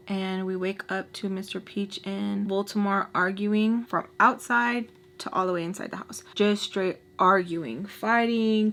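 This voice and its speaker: A woman in her thirties tells a story to her viewers in a loose, chatty way, full of "like" and quick asides. Her voice sits at an ordinary middle pitch. A faint hum runs under the recording. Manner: chatty, filler-heavy, animated when quoting arguments. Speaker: storytime vlogger. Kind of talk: casual storytime.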